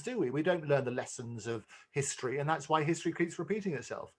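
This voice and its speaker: A man's voice: mid-range voice, expressive, quick pace. A man hosting an interview show, chatty and jokey as he prompts his guest. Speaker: talk show host. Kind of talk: interview conversation.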